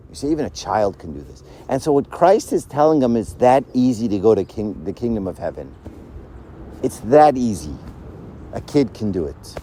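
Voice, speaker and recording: A man preaching in a relaxed, conversational way, throwing out rhetorical questions to his listeners. His mid-range voice rises and falls with lively expression. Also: medium pitch. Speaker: Christian preacher. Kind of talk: conversational sermon.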